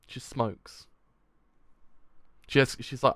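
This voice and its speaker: Excitable gravelly man reacting to manga. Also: medium pitch, normal speed, no echo. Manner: excitable, swearing, shouting in disbelief; reads manga dialogue aloud. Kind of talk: live manga reading and reaction.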